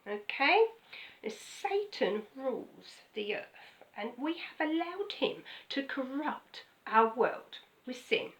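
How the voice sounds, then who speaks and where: Older lady pastor, bright voice, swoops up and down a lot, talks like she's chatting to you. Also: high voice, takes it slowly, poor audio. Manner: chatty, animated, frequent "okay?" asides. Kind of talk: casual sermon.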